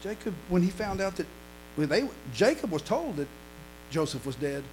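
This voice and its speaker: A middle-aged man preaching a sermon as a pastor, dropping to quiet storytelling and rising to shouted, half-sung lines. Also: high-pitched, very animated, moderate pace, a little hiss or hum, rough recording.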